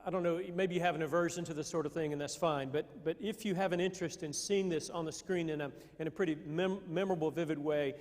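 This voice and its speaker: A man preaches a sermon in an easy, conversational manner, stopping and restarting as he thinks aloud. His voice sits somewhat high for a man. A long reverb trails after his words, as in a large church. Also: fairly even intonation, quick pace, hardly any pauses, darkish tone. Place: church sanctuary.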